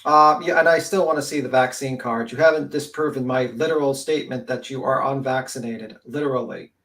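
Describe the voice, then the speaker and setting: A man's voice: mid-range voice, fairly even intonation, brisk, a bit bright. A man joining a live stream panel as a guest, arguing his point defensively. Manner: defensive, argumentative.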